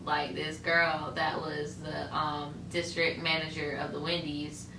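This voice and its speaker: A woman co-hosting a laid-back podcast, talking loosely and swearing freely. Her voice is bright and crisp. She sits back from the mic in an echoey room with a faint hiss. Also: low voice, monotone, a little slow, far from the mic. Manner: loose and profane, laughs often. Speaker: podcast co-host. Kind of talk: casual chat.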